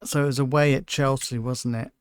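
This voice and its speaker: A man co-hosting a casual football podcast, relaxed and chatty, laughing easily. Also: mid-range voice, a little fast, smooth, no room sound. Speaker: podcast co-host. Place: lives in Liverpool.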